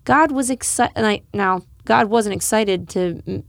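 A woman's voice: mid-range voice, measured pace, creaky, dry recording. A woman co-hosting a casual Bible study chat, earnest and encouraging, laughing often. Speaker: podcast co-host discussing scripture.

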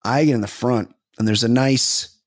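A man's voice: medium pitch, normal speed, dry recording, clean studio sound. A man co-hosting a comedy podcast, telling rambling, profane stories full of restarts in casual chat. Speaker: podcast co-host.

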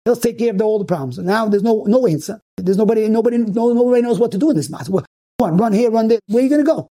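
A rabbi telling inspirational stories in an earnest way, often repeating and restarting phrases for emphasis. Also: male voice, sits high, expressive, fast talker, warm tone.

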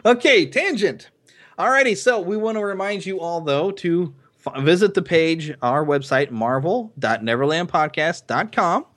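A man co-hosting a casual podcast, playful and quick to laugh, often acting out quotes. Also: a little high, animated, a bit bright. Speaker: podcast co-host. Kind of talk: casual chat.

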